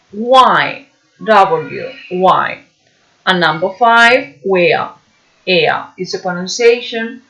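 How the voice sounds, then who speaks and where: Slow, patient woman teacher. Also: mid-range voice, fairly bright tone. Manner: slow and patient, checking understanding with "hmm?". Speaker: English teacher. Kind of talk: online class lesson. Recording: dull lo-fi recording.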